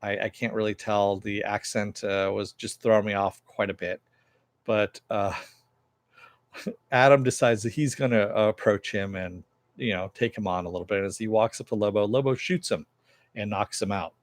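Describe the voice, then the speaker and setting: A man's voice: on the low side, steady tone, normal speed, dry recording. A man reviewing a TV episode in a casual recap, rambling with lots of fillers and some swearing.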